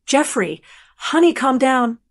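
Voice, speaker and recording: A woman voicing a manipulative middle-aged daughter-in-law who speaks smoothly with false concern. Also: a little high, lively intonation, measured pace. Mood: coldly soothing.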